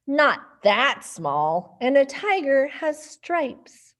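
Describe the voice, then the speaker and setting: A woman's voice: high-pitched, sing-song, extremely slow, a bit bright, full character voice. A woman reading aloud as a skeptical storybook animal, in a firm, dismissive tone. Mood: scoffing.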